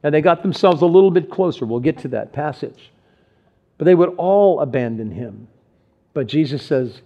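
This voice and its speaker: A man's voice: mid-range voice, moderate pace. A man preaching a sermon as pastor. His delivery is earnest and conversational, with frequent restarts. The recording is dull and lo-fi. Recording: dull lo-fi sound.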